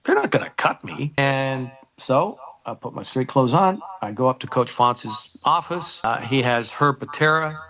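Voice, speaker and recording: Older guy, former kicker, telling a story in an interview, lots of uhs and ums, plays out the old convos, normal middle pitch. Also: unhurried, hardly any pauses, sharp tone. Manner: rambling, many filler words, acts out old dialogue. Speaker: former football kicker, guest.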